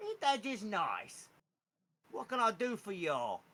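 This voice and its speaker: A man's voice: high voice, wildly swooping pitch, slow, pushed and bright, full character voice. A man playing a dim, eager goblin. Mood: friendly. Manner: eager, confused and easily swayed. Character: slow-witted charmed male goblin guard.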